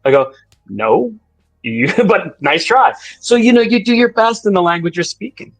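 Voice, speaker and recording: A man's voice: high voice, animated, normal speed, no room sound, rough recording. A man co-hosting a casual live-stream chat, telling stories animatedly and laughing often.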